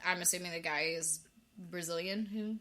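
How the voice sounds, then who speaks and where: A woman's voice: lowish voice, fairly even intonation, normal speed, bright, forceful tone. A woman co-hosting a casual podcast, chatty and full of 'like'. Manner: chatty, laughing, uses 'like' often. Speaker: podcast co-host. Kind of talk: casual chat.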